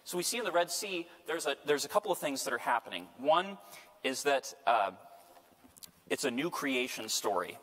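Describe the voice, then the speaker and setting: A man's voice: mid-range voice, animated, moderate pace, a bit bright. Male priest lecturing in an echoey hall. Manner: conversational, checks in with "right?". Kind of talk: Bible study lecture. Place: parish lecture room. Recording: long hall reverb.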